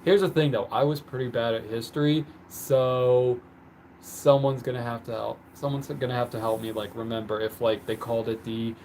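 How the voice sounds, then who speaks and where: A man's voice: mid-range voice, steady tone, normal speed, a little mellow, a little hiss or hum. Rambling, giggly streamer man. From North Carolina, USA. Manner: rambling, laughs often mid-sentence. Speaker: live streamer. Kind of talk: casual chat to viewers.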